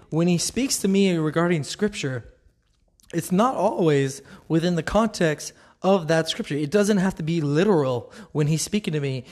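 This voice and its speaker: A man's voice: a little high, a little mellow. A man giving a casual devotional talk, earnest and conversational, often laughing. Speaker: Christian speaker.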